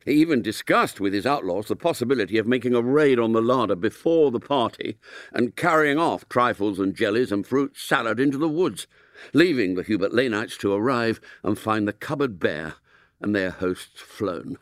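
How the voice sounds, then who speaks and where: A man reading a story aloud in an expressive, mock-solemn way. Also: medium pitch, normal speed, no room sound, studio quality. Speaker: narrator.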